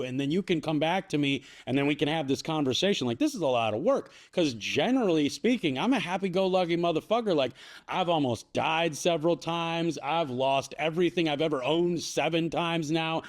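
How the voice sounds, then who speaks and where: A man co-hosting a podcast, talking in an emphatic, excitable way and swearing freely. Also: fairly high pitch. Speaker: podcast co-host and content creator. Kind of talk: casual podcast conversation.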